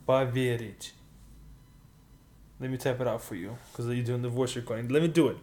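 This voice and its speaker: A man co-hosting a podcast as a language tutor, explaining phrases slowly and correcting pronunciation patiently in a casual lesson chat. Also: mid-range voice, mellow. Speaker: Russian tutor and podcast co-host.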